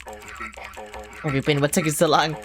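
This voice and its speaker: A woman's voice: very deep voice, a little slow. A woman voicing a strict office boss who scolds a new worker in clipped orders during a game stream. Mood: scolding.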